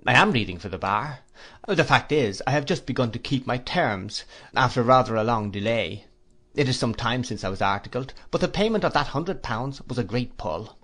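An eager, good-humored young man with a modest manner, as a male audiobook reader voices him. He sounds lively and quick to laugh, raised a little above the reader's own voice, and speaks in a friendly, bouncy way. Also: mid-range voice. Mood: cheerful. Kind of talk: audiobook character voice.

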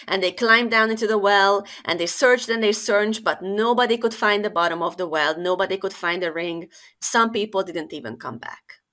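A woman telling a fairytale on a podcast in an expressive, conversational way. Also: mid-range voice. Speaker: storyteller.

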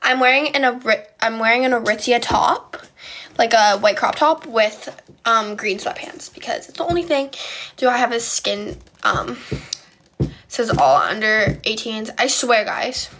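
A woman's voice: fairly high pitch, unhurried, a bit bright. A young woman from Poland chatting on a phone live stream, answering viewer comments in a valley-girl way of talking and often stuttering. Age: young adult.

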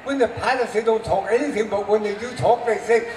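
A man's voice: high-pitched, fairly quick, pitched above the performer's own voice, close to an everyday voice. A man voicing a shy, unmarried grown woman who pleads in a hesitant, embarrassed way. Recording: echoey open air from far mic, noisy.

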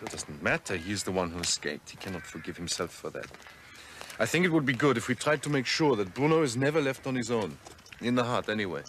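A thoughtful internee in a television drama who speaks slowly and carefully, keeping his lowish voice quiet and measured. Steady background noise runs under him. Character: calm, thoughtful foreign male internee. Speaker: interned prisoner.

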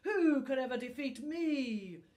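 Furious royal fire dragon read by a woman, loud booming commands, snarling, storybook reading, slow delivery. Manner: rumbling, thundering commands and snarls. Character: proud, angry royal male fire dragon.

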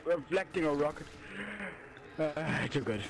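A man chatting during an online game with deadpan, pleading refusals. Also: a little high, a little slow. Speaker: gaming friend. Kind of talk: casual gaming chat.

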